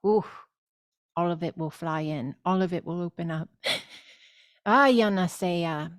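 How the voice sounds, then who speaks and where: A woman leading a spiritual course, speaking deliberately and soothingly with loud gasping inhales and repeated phrases. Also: low-pitched, steady tone, dry recording, studio quality. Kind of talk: slow guided spiritual teaching.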